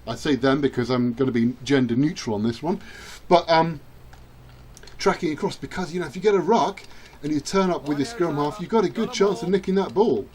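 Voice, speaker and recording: A man's voice: on the high side, brisk, a little mellow. Chatty man narrating a game. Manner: chatty, self-mocking, cheering at the screen. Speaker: gaming channel host. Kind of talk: let's-play commentary.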